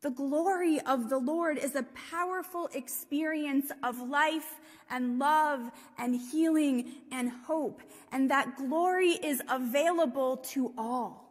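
A woman preaching a sermon, telling a story in a slow, gentle way and dropping to a hush at times. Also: high voice. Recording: long reverb of a large hall.

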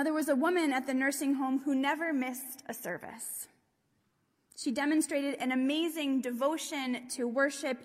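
A woman preaching a sermon, telling a story in a slow, gentle way and dropping to a hush at times. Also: sits high. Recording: long reverb of a large hall.

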